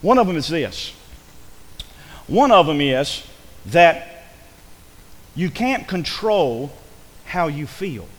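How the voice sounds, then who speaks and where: A man preaching a sermon in a church, animated and conversational, with quick asides and acted-out quotes. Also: a little high. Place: church sanctuary. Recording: long hall reverb.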